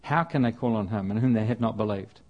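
A man's voice: fairly low pitch, fast talker, lo-fi sound. A man preaching a sermon in a conversational way, often restarting and repeating phrases as he reads and explains scripture. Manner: conversational, with frequent restarts and repetition.

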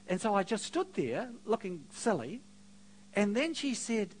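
A middle-aged male preacher telling a story from the pulpit, his pitch swinging widely as he goes. He jokes at his own expense and drops to near hush before building up loud again. A faint hum sits under the voice. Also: sing-song, measured pace. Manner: storytelling, self-mocking, swings between quiet and loud. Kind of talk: sermon.

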